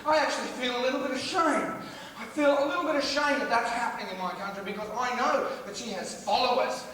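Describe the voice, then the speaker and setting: A man's voice: very high-pitched, fast talker, bright, forceful tone. An Australian man from Queensland doing a brash, profane stand-up comedy rant on stage. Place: large music hall on stage. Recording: echoey hall, distant, crowd audible.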